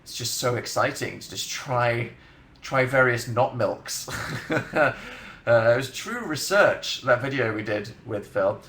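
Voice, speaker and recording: A young Englishman in his twenties hosts a livestream from a bedroom setup indoors, chatting casually in a rambling, sardonic way and laughing often as he reads out comments. His mid-range voice is animated, a little slow, and fairly bright, with a reverberant sound.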